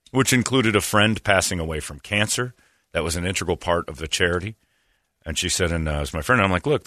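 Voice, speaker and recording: A man's voice: lowish voice, bright, forceful tone, no echo, clean studio sound. A man hosting a radio show, telling self-deprecating stories and acting out the people he quotes. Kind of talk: casual storytelling on morning radio.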